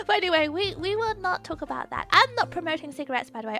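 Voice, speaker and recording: A woman streaming as a VTuber, chatting casually in an excitable, ranting way with lots of giggling. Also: very high-pitched, quick pace, few pauses, soft background music.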